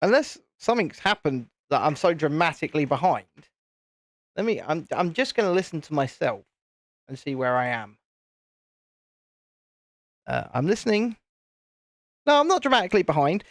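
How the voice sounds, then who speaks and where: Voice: mid-range voice, sing-song, moderate pace, long pauses, no echo, studio quality. A host chatting casually on a live stream while building, rambling and repeating phrases.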